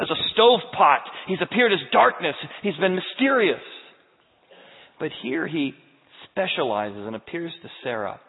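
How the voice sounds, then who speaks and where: A man preaching a sermon as pastor, moving between loud emphatic peaks and hushed, tender passages. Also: fairly high pitch, breathy edge. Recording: tinny, echoey church hall recording.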